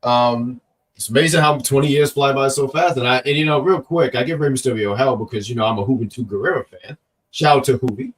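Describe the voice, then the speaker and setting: A mid-range male voice, fairly quick and heard from a distant mic, belongs to a wrestling review show co-host. Working through a cough, he rambles, jokes, and teases viewers on a casual live stream while reading chat comments aloud, sitting a little back from the microphone.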